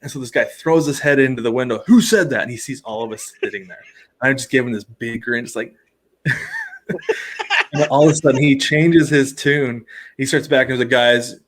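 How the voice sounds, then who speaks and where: A man's voice: mid-range voice, fairly quick. A man in his thirties, a podcast co-host, telling a long funny story in casual chat, laughing often and acting out what people said. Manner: animated, laughs often, acts out quoted voices.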